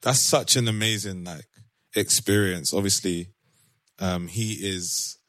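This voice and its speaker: A man with a fairly low voice hosts a relaxed podcast chat. He laughs easily and leans on slang. The sound is dry and close. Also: unhurried, no room sound. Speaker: podcast host. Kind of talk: casual chat.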